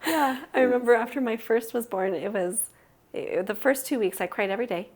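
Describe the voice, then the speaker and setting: A woman's voice: fairly high pitch, brisk. A woman guest in a casual podcast chat, talking expressively and laughing easily.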